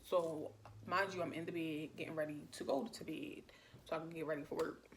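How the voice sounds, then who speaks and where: Young woman vlogger, lowish voice, chatty storytime delivery, loose and filler-heavy, faint background hiss. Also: brisk. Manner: chatty, many "like" fillers, animated retelling. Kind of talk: casual storytime.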